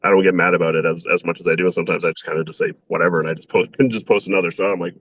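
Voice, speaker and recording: Deep husky laid-back male guest. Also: steady tone, very fast, no echo. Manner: laid-back, laughs easily. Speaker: interview guest. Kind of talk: casual interview chat.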